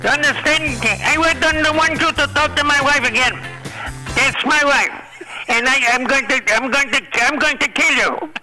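A man's voice: moderate pace, pushed and bright, soft background music, exaggerated voice, poor audio. A man voicing a jealous, threatening newlywed husband who keeps repeating himself. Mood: menacing. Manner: high, insistent, repeats himself.

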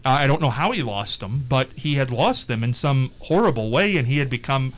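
A radio host with a medium-pitched voice keeps things brisk on a casual chat show. He's playful and teasing, a lively storyteller who likes to quiz his co-hosts.

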